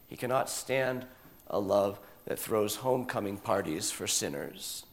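A man preaching a sermon, telling a story with animated delivery and drawing answers from listeners. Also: on the low side, measured pace. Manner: animated storytelling, acts out quoted voices.

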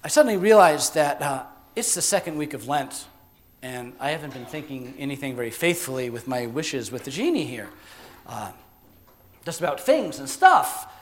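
A man's voice: medium pitch, big pitch swings, normal speed, a little hiss or hum. A man, a Methodist minister, telling a wry, self-deprecating story in a sermon.

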